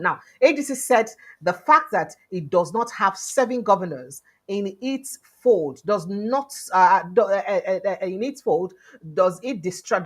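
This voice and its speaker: A Nigerian woman hosting a news vlog, commenting on politics in pidgin and English with animated quoting. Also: fairly low pitch, slightly rough. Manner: animated, switches between pidgin and English, quotes people in lively voices. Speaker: news vlogger host. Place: indoors, livestream studio.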